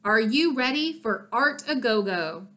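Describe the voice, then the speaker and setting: A woman's voice: fairly high pitch, expressive, measured pace, fairly bright tone. Woman reading as a male librarian announcer. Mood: announcing.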